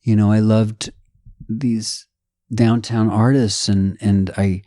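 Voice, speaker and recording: A middle-aged man from the United States, a podcast guest chatting in an animated, digressive way that slips into playful voices. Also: fairly low pitch, slow, dry recording, clean studio sound. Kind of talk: casual conversation.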